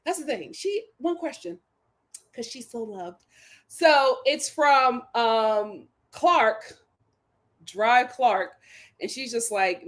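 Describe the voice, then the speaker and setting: A woman hosting a live reality TV review stream, animated and dramatic, full of slang and talking straight at the people she discusses. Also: fairly high pitch, slow pace. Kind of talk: live-stream episode recap commentary.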